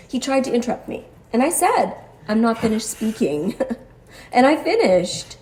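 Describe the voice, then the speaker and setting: A woman's voice: fairly high pitch, very animated, moderate pace, a little mellow. A woman telling her own story as a patient in a personal monologue, articulate and precise, with a wry, exasperated edge. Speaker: cancer patient sharing her experience.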